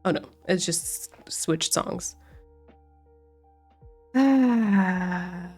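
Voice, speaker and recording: A woman's voice: on the low side, lively intonation, very slow, a little mellow. Congested, rambling woman streamer. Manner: rambling, with frequent restarts. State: congested, nasal from a cold. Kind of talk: casual livestream chat with viewers. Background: faint background music.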